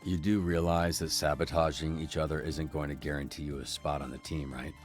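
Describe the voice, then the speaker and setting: Fed-up team boss in a game, low voice, dry and tired of everyone, soft music behind. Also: male voice, little pitch movement, a little fast. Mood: exasperated. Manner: dry, exasperated. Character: weary male team boss, dry and exasperated. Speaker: team manager character.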